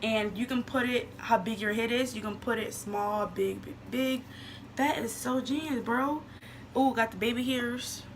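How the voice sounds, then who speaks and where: A young woman chatting excitedly to her viewers in a casual beauty vlog, calling them y'all. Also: a little high, a little slow, a little hiss or hum. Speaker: beauty vlogger. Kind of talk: casual wig unboxing vlog.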